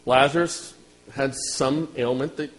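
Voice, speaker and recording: A man preaching a sermon as pastor, talking directly to his congregation and swinging from loud outbursts to hushed lines. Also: mid-range voice, steady tone, measured pace, low-quality recording.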